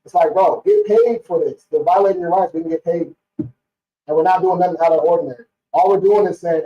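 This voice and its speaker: A man's voice: high voice, a little fast, mellow. Fired-up man on a roomy lo-fi live stream. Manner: blunt, fired-up, slangy, swears freely. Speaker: credit repair business owner hosting a live stream. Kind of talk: casual live-stream talk. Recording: roomy, distant, dull lo-fi stream audio.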